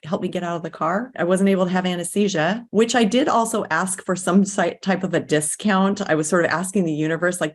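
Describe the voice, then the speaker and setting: A middle-aged woman with a notably low speaking voice shares a personal story in a relaxed interview. She talks casually and easily, slipping into the voices of people she quotes. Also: brisk. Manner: personal storytelling, acts out quoted voices, laughs between phrases. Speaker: guest, nurse and life coach.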